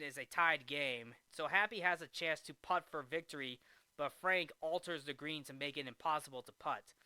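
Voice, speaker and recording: Bright, crisp-voiced man recapping a movie. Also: a little high, dry recording. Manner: rambling, with frequent restarts. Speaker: movie review host. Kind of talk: casual movie recap vlog.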